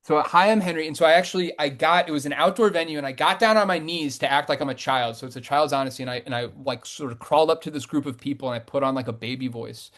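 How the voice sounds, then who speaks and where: Thirties man, poet guest, slightly high voice, rambling and chatty with lots of ums. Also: fast talker, few pauses. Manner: rambling, many fillers and restarts, animated swings in pitch and loudness. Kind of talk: casual conversational interview.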